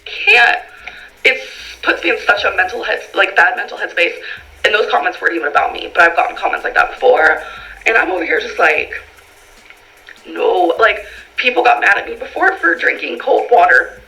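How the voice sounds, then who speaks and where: A woman's voice: medium pitch, sing-song, normal speed, creaky, sharp tone, rough recording. A woman answering viewer questions in a casual vlog, rambling with lots of fillers and reading the questions aloud. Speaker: vlogger.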